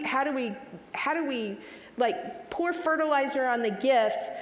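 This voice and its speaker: Earnest woman speaker in an echoey hall. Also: a little high. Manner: emphatic, earnest, repeats and restarts phrases. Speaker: speaker answering audience questions. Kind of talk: live Q&A talk. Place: hall with a live audience. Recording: echoey hall with long reverb.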